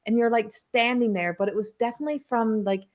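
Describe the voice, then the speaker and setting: Lady hosting a podcast, chatty and animated, says like a lot. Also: a little high, brisk. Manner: animated storytelling, heavy use of "like". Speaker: podcast host and spiritual coach. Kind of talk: casual podcast conversation.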